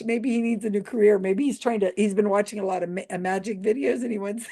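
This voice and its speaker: A woman's voice: medium pitch, brisk, mellow, breathy edge. Amused woman laughing through a story. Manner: amused, laughs often while retelling. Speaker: YouTube commentator; mentalist. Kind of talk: casual commentary monologue.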